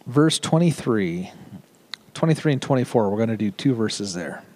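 A middle-aged man giving a casual sermon, talking in a chatty, joking way with quick asides. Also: fairly low pitch, lively intonation, darkish tone. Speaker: preacher.

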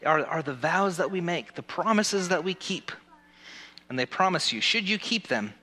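Pastor guy doing the kids sermon, chatty and playful, highish voice, big church reverb. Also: moderate pace, sharp tone. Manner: playful, chatty, asks the crowd questions. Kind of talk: children's sermon. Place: church sanctuary. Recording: long hall reverb.

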